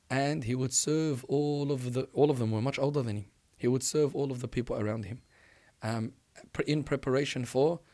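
A man preaching, telling a religious story in an animated, emphatic way and often restarting his sentences. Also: medium pitch.

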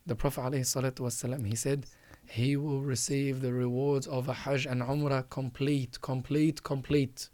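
A man's voice: mid-range voice, little pitch movement, a little fast, hardly any pauses, darkish tone, dry recording. A man hosting a religious advice talk, earnestly urging listeners and repeating phrases for emphasis. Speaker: podcast host.

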